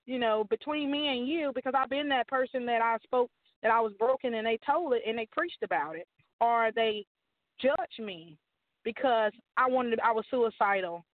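High-voiced woman pastor on a tinny line. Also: moderate pace, no echo. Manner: emphatic, repeats rallying phrases like a preacher. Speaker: guest author and pastor. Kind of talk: testimony and encouragement on a talk show.

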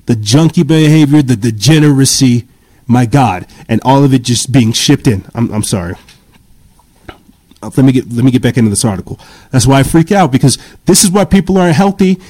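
A man with a mellow, rounded tone rants his way through an article as a podcast host. He gets worked up, trips over repeated words and keeps stopping to apologize before pressing on. His voice sits at an ordinary middle pitch. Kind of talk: heated commentary reading an article.

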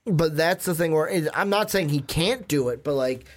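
A man co-hosting a casual film podcast, animated and steering the talk, with frequent "um"s. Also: on the high side, normal speed. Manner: animated, steers the conversation with many "um"s. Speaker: podcast co-host. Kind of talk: casual chat.

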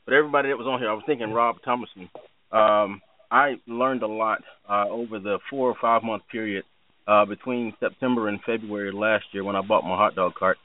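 A man's voice: on the low side, fairly even intonation, fairly quick. A man calling in to a radio show, talking in a friendly, folksy way. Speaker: caller. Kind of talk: call-in radio chat. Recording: tinny phone line.

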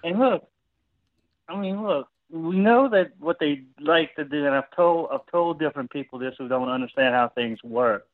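A man's voice: on the high side, moderate pace, no echo. A man from Louisiana calling in to a talk radio show, rambling and repeating himself as he talks. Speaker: caller. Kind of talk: casual talk radio call. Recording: dry, tinny phone line.

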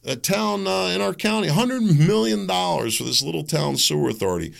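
A man's voice: high-pitched, lively intonation, a little fast, creaky. A man hosting his own podcast, ranting through solo political commentary and acting out the people he quotes. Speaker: podcast host.

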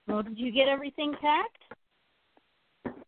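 Woman co-host, sleepy, yawning, fairly high voice, phone-quality audio. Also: takes it slowly, a little hiss or hum. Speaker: co-host of a toy collecting show. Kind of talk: casual chat.

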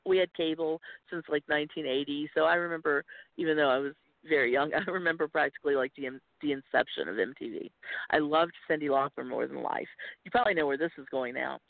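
Gravelly Southern woman on a phone line. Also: deep voice, quick pace, no echo. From North Carolina, US. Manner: chatty, laughing storyteller. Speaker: guest, wrestling commentator. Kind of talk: casual podcast chat. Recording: tinny phone-line audio.

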